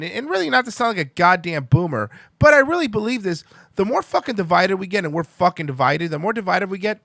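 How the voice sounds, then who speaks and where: A man's voice: high voice, a bit bright, no room sound, clean studio sound. A young man hosting a live-streamed show, ranting heatedly with lots of swearing and restarts. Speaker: podcast host.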